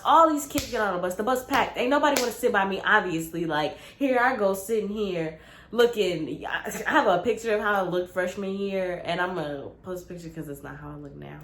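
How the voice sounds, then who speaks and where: Young woman spilling a story, slangy and lively, echoey room with faint hum. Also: medium pitch, fairly quick. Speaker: vlogger. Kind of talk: casual storytime. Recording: roomy with faint ambience.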